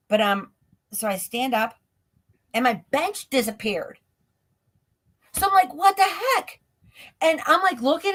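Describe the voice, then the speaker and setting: Her voice is a little high and a bit bright. As a guest on a live stream, this woman narrates a story in an interview, breathless and run-on, saying "like" constantly, over a stream call mic.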